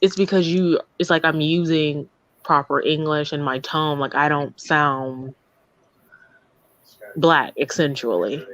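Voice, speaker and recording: A young woman telling a personal story in casual podcast chat, measured, with many fillers. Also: low-pitched, fairly bright tone, low-quality recording. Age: young adult.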